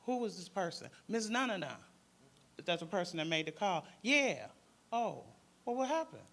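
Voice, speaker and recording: A man's voice: high-pitched, lively intonation, moderate pace, vocal fry, a bit bright. A man with a Detroit accent, a panelist and former crisis worker, telling a story in casual speech and acting out the voices of the people in it.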